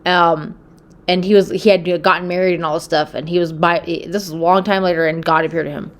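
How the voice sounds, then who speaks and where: A woman's voice: lowish voice, fairly even intonation, a little fast. A woman casually retells a Bible story for her video. She rambles and leans on fillers. She keeps checking in with her listeners. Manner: rambling, full of fillers and "okay?".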